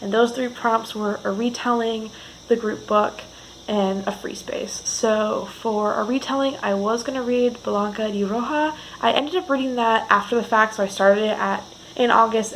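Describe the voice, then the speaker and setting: A woman's voice: fairly high pitch, low-quality recording. A woman book vlogger giving a casual reading wrap-up, gushing and enthusiastic, rambling with frequent restarts. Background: faint cicada noise outdoors.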